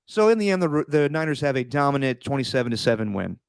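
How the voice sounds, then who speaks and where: A podcast co-host talks sports in casual chat, earnest and emphatic, with a smooth, resonant, middle-pitched voice. He's a fast, sing-song talker who stumbles over and repeats words when worked up. The recording is dry and close.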